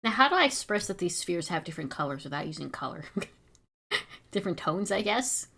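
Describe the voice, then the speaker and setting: A woman's voice: on the low side, very animated, brisk, vocal fry, bright, forceful tone. A woman streaming as an artist, chatting casually while she draws, giggly, chatty and self-mocking. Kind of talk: casual chat while drawing.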